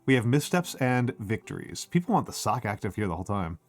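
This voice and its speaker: A man's voice: fairly low pitch, big pitch swings, fairly quick. A middle-aged man streaming, with a scratchy throat, rambling casually and reading chat aloud. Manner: rambling, self-deprecating, reads chat aloud.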